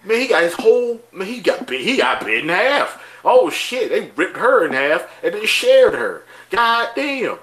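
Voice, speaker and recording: A man co-hosting a podcast in loud, animated casual chat, swearing and laughing often. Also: high voice, moderate pace, few pauses. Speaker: podcast co-host.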